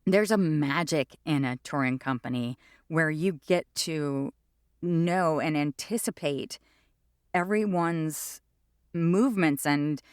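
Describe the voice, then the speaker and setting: In a casual interview, a stage actress in her fifties rambles through her stories in a lively way, taking it slowly. Her voice sits a little low, and the sound is dry with no room echo.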